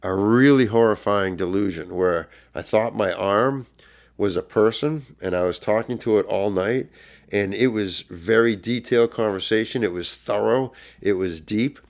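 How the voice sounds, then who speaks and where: Speaking at a moderate pace in a lowish voice with vocal fry, a middle-aged podcast guest sincerely retells something that happened to him, getting louder whenever the story turns intense.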